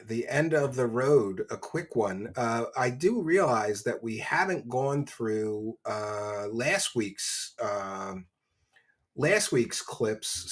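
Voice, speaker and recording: A man's voice: mid-range voice, a bit bright. Sarcastic man hosting a live stream. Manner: sarcastic, mocking. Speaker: host.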